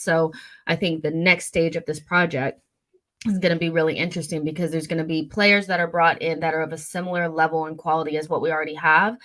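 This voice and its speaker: A woman's voice: low-pitched, a bit bright. A young woman hosting a casual fan livestream, rambling and chatty with lots of fillers as she reads out viewer comments. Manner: chatty, rambling, many fillers and self-corrections. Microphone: studio mic at a desk.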